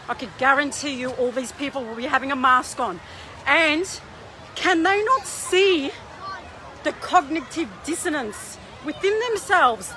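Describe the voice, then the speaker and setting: A woman's voice: sits high, sharp tone. A woman livestreaming on a phone held in her hand at a busy waterfront. She rants in an indignant, exasperated way. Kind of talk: outdoor phone livestream rant. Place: busy outdoor waterfront and pool area. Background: faint crowd chatter and outdoor noise.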